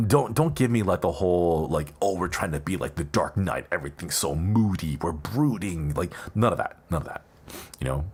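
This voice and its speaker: A man streaming casually, rambling in a playful way and laughing often; English is not his first language. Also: low voice. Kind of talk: casual live-stream chat.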